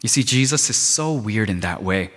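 A man's voice: fairly low pitch, lively intonation, moderate pace, a bit bright. A man preaching a sermon as a pastor, emphatic and repetitive, with many rhetorical questions. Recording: long reverb of a large hall.

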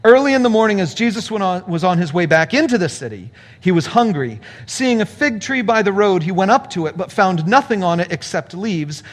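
A man's voice: sits high, expressive, fairly quick, hardly any pauses. A middle-aged man, a pastor, preaching a sermon in a conversational way, explaining points and adding rhetorical asides.

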